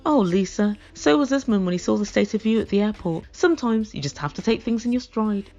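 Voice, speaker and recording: A woman's voice: medium pitch, expressive, fairly quick, warm tone, dull audio. A woman giving a comedic recap of a reality show in a blunt, sarcastic, mocking way. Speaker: reality TV reviewer.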